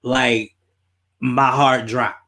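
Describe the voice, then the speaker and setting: Very slowly, a Baltimore podcast host builds a casual story, animated and loose, with plenty of swearing and repetition. His voice sits at an average pitch.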